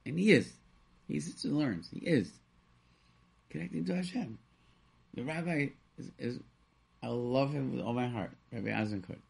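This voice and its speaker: A man's voice: mid-range voice, moderate pace, gravelly, long pauses, slightly rough. A man from Rochester, New York, telling stories in a casual talk show conversation and acting out the people he quotes. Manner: animated storyteller, acts out quoted voices.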